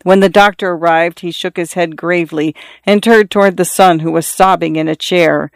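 Smooth, resonant audiobook narrator. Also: mid-range voice, no room sound, studio quality. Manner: even, measured storytelling.

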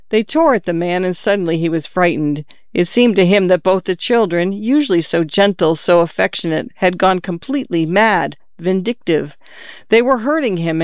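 A narrator reading a novel aloud in a measured, calm storytelling manner, lifting the pitch for the characters' lines. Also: clear, resonant tone, no echo, clean studio sound.

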